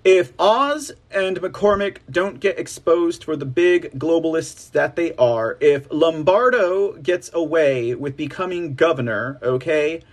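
A man hosting a political news show, talking in a rambling, sarcastic way and often calling his audience ladies and gentlemen. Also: on the high side, lively intonation, a little slow, hardly any pauses. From United States. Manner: rambling, sarcastic asides, repeats phrases. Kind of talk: casual political commentary.

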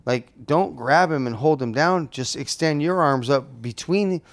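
A man's voice: a little high, unhurried, creaky. A man co-hosting a podcast, talking bluntly and heatedly about football with heavy swearing. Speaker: podcast co-host. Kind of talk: casual chat.

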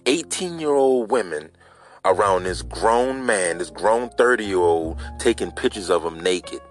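Guy rambling through a podcast story, lowish voice that swings up and down a lot, faint music behind. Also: animated, measured pace. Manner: loose rambling storytelling, addresses listeners as stoners. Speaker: podcast host. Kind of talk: casual solo podcast monologue.

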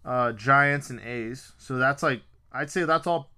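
A man with a bright, forceful voice chats about sports with a buddy, loose and excitable. He swears casually and fires off team names in quick bursts, his voice pitched right in the middle.

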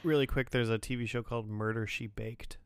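A young man co-hosts a casual podcast, slipping in dry, deadpan jokes between bits of trivia. His voice sits at a middle pitch for a man. The recording is close and dry. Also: brisk, smooth, no room sound. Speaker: podcast co-host. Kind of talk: casual chat.

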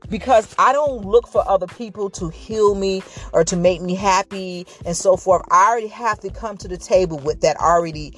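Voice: medium pitch, normal speed, few pauses, a bit bright. Rambling, reflective vlogger talking to viewers. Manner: reflective, rambling, self-corrects and restarts; says they stuttered in school. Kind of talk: casual motivational talk to viewers.

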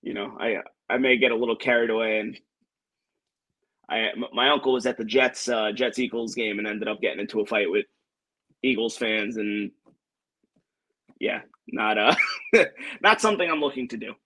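A man's voice: on the low side, normal speed, long pauses, bright, forceful tone. Easygoing man chatting as a podcast guest. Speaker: guest listener. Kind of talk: casual sports chat.

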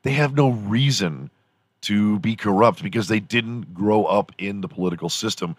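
A man's voice: fairly low pitch, a bit bright, no echo, studio quality. A man hosting a morning show alone, ranting casually in a loose, profane, rambling way. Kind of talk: casual solo rant.

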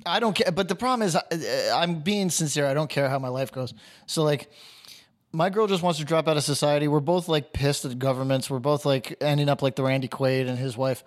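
A man's voice: fairly high pitch, a little fast. A young man co-hosting a podcast, chatting casually with needling, profane banter. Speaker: podcast co-host. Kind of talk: casual chat.

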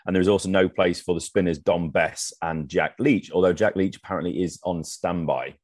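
A very deep-voiced man co-hosting a sports podcast, recorded close and dry with no room sound. He is chatty and enthusiastic, and works steadily down a list of names. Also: a little fast, a little mellow, dry recording. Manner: enthusiastic, chatty, reads through lists. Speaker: podcast co-host. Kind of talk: casual sports podcast chat.

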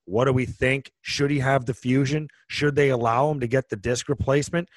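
A man's voice: medium pitch, fairly even intonation, a little fast, no echo. A man co-hosting a podcast, telling stories in a rambling, casual way full of restarts. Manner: rambling storyteller with many restarts. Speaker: podcast co-host, former hockey player. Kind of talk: casual chat.

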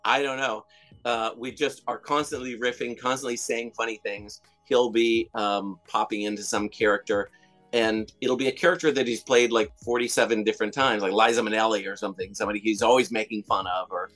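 A man's voice: on the low side, fairly even intonation, brisk, a bit bright. Middle-aged male interviewee, chatty and meandering, lots of fillers, faint music behind. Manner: rambling, hesitant, many fillers and restarts. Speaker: interviewee, comedian and songwriter. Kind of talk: casual interview storytelling.

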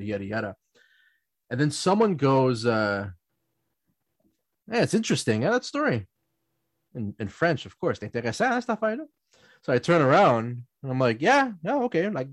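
A man at an ordinary middle pitch tells casual stories on a podcast panel. He rambles, laughs often and restarts his sentences. The sound is dry and close. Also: no room sound. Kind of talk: casual storytelling chat.

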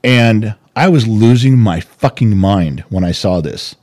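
Low, mellow man ranting heatedly. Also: expressive, unhurried. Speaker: podcast co-host. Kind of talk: casual chat.

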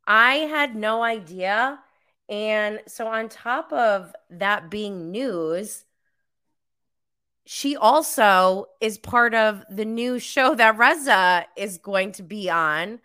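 A woman's voice: mid-range voice, slow, bright, forceful tone, smooth. A woman hosting a podcast, chatting casually through a live recap with many fillers and giggles. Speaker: podcast host.

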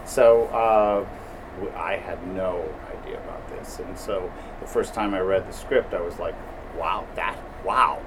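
A man stage actor speaking slowly and thoughtfully in an interview. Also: low-pitched, steady tone. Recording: noisy background hum.

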